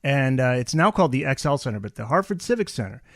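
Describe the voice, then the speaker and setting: A man's voice: mid-range voice, big pitch swings, quick pace, no echo. A man from Connecticut, hosting an interview, prompting the guest through his story in a conversational way. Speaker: podcast host. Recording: dry close audio.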